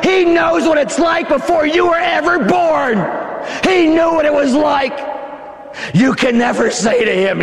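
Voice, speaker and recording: A male preacher giving a fiery sermon in a church, shouting emphatic lines with dramatic pauses. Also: sits high, animated, creaky. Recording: long hall reverb.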